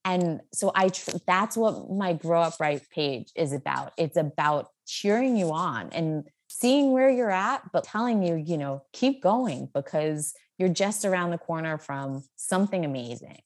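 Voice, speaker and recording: A woman's voice: lowish voice, expressive, measured pace, hardly any pauses. A woman in her thirties, a guest in a casual interview, talking in an upbeat, chatty way full of fillers and laughter. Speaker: guest, social media creator.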